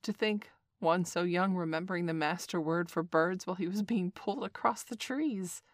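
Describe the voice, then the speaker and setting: Kindly old male bear, warm and slow-spoken, as a woman voices him; a storybook reading, fairly low. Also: dry recording, studio quality, close to an everyday voice. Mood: proud. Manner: warm, proud.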